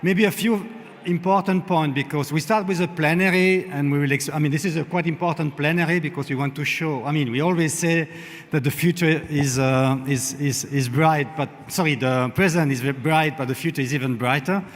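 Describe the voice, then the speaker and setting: A man, an event organizer, giving halting logistics announcements on a conference stage, searching for words as he goes. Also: on the high side. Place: large conference hall. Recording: long hall reverb.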